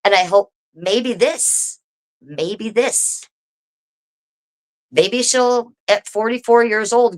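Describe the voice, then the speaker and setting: A woman live streaming from home, talking straight to her viewers in a casual, swearing rant. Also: mid-range voice. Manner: swearing, animated, talks to viewers directly.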